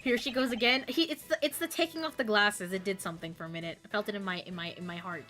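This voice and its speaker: Excitable bright-voiced woman streamer. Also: mid-range voice, fast talker. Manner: excitable, squealing reactions and giggles. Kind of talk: game stream commentary. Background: faint game music.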